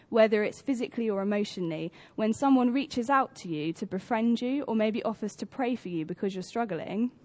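Conversational British woman preaching. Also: a little high. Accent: British English. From Britain. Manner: conversational, acts out stories with lively voices. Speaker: church speaker. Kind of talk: sermon talk. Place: church.

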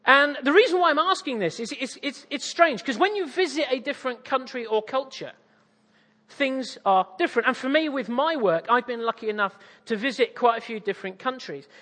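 A man's voice: very high-pitched, lively intonation, fairly quick, sharp tone, in a large hall. A man from East Anglia with an English accent, preaching a sermon with audience interaction, jovial and self-mocking. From East Anglia, England.

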